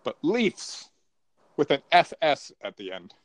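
Lively, higher-voiced male podcast co-host. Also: slow. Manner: dry, mock-serious jokes. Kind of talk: casual chat.

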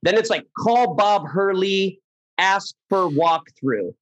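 Male guest, fairly high voice, casual animated storyteller. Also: takes it slowly, highs cut off. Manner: animated, acts out quoted people, many fillers.

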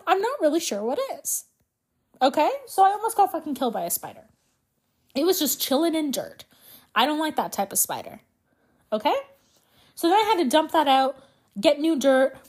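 A young woman hosting a casual solo podcast, ranting with profanity and sarcasm and thinking aloud as she looks things up. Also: high voice. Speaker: podcast host.

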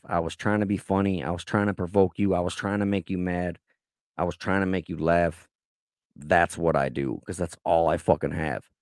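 A man co-hosting a podcast in casual chat, crude and profane, deliberately provocative. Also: low voice, dry recording, clean studio sound. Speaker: podcast co-host.

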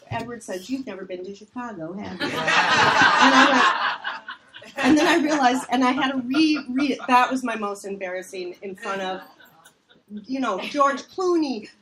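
A middle-aged woman from Minnesota, a casting director, telling animated, self-deprecating stories in a rambling chat. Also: on the high side, normal speed, background noise. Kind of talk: casual storytelling chat.

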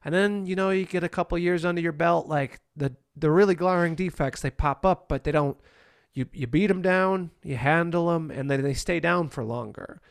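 A man's voice: on the high side, normal speed, creaky, clean tone, dry recording, studio quality. A man hosting a candid conversation about recovery, blunt, profane and self-deprecating.

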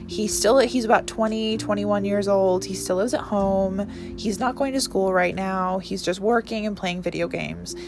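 A woman's voice: medium pitch, moderate pace, creaky, hardly any pauses, over music. A woman in her twenties hosting her own podcast, talking earnestly and emotionally in a rambling monologue full of restarts. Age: 20s. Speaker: podcast host. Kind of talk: casual solo podcast monologue.

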